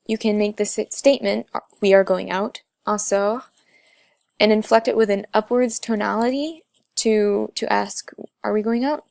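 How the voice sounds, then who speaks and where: A woman's voice: mid-range voice, creaky, darkish tone, no room sound. A young woman narrating a class slide presentation, explaining step by step with frequent filler sounds. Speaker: student presenter.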